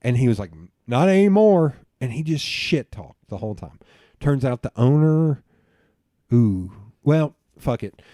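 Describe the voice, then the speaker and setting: A man's voice: medium pitch, lively intonation, measured pace, dark tone, no echo, clean studio sound. A man in a podcast interview, telling a long, profane story with laughs along the way. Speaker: podcast guest. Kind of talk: casual storytelling chat.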